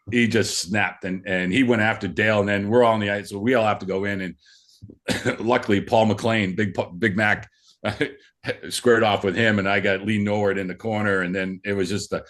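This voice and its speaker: A man's voice: lowish voice, fairly bright tone. A middle-aged man telling stories as a podcast guest, rambling casually with lots of restarts and fillers. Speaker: podcast guest, former hockey player. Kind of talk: casual storytelling.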